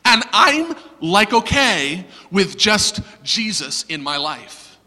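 Man, pastor; bright, forceful delivery, animated and self-mocking, preaching in a reverberant hall. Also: high-pitched, takes it slowly. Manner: animated, self-deprecating storyteller. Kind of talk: sermon with humorous storytelling.

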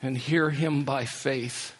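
Pleading preacher in a reverberant hall. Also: male voice, medium pitch, steady tone, slow, husky. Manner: pleading, rising to impassioned appeals then dropping soft. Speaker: pastor. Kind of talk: sermon. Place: church worship center. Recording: long reverb of a large hall.

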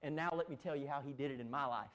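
A man's voice: mid-range voice, fast talker, a bit bright. A man preaching a sermon as pastor, speaking emphatically and repeating his phrases for weight.

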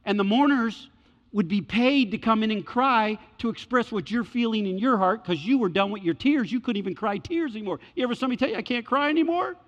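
A man with a high voice preaches in an animated, colloquial way and keeps repeating his points. His voice rings with a long reverb through a large church hall, and the recording sounds dull and lo-fi. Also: a little fast. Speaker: pastor. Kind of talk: sermon.

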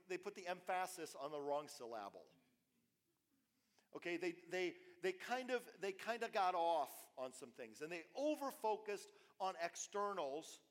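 Guy preaching a sermon in church, kinda high voice, lots of echo hanging in the hall, goes loud then real quiet. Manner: animated preaching with repetitions and sudden soft drops. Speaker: pastor. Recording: long reverb of a church hall.

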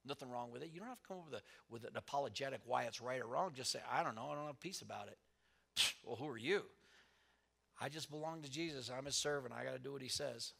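A male pastor preaching a sermon, moving between soft, quiet asides and loud, emphatic lines. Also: mid-range voice, quick pace, creaky.

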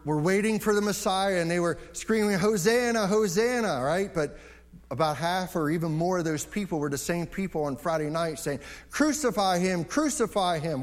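Male pastor, sermon delivery, earnest, higher voice, stumbles and repeats at phrase starts. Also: normal speed.

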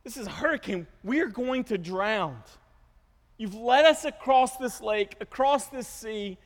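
A man's voice: sits high, animated, a little slow. A man preaching, acting out a frightened disciple begging for rescue from a storm. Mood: pleading. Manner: pleading, desperate. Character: panicked male fisherman disciple in a storm. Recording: long hall reverb.

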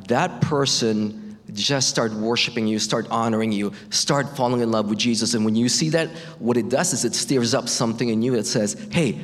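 A middle-aged man shares a personal faith testimony at a middle pitch. He talks in a halting way, repeating words and starting over. His voice rings with a long reverb, as in a large hall.

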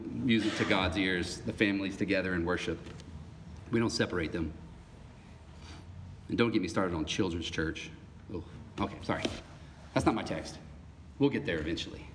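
A man preaching a sermon as pastor, animated, with asides and little laughs. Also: fairly low pitch, slight background noise. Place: church sanctuary. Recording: reverberant church hall.

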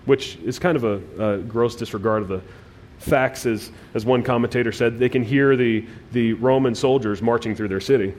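Man, pastor, sermon, mid-pitched voice, emphatic, loud-and-soft swings, repeated restarts. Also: normal speed, few pauses. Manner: emphatic, with dynamic swings between loud and quiet phrases; repeats words as he restarts phrases.

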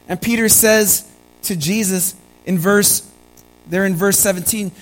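A man with a notably high, light voice preaches a sermon. He is earnest and repeats his key lines for weight, speaking to his congregation as family. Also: fairly even intonation, a little slow, soft background music, rough recording. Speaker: pastor.

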